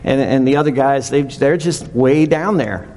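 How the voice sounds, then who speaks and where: A male pastor preaches in a casual, storytelling manner. He has a mid-pitched, gravelly voice with plenty of fry. A long reverb hangs in the hall after his phrases. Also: normal speed. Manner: conversational preaching, animated retelling. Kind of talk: sermon.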